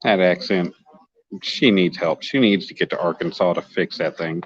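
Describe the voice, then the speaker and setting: Man, very low voice, joking and chatty, dull lo-fi sound, dry. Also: moderate pace, slight background noise. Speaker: livestreaming fishing vlogger. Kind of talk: casual live-stream chat reading comments. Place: outdoors at a lake bank.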